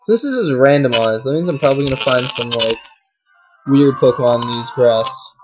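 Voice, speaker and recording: A woman giving casual commentary while playing a game, chatty with lots of fillers, swinging from low mumbling to shrieking outbursts. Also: lively intonation, normal speed, highs cut off, music in the background. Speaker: gameplay commentator. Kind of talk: casual let's play commentary.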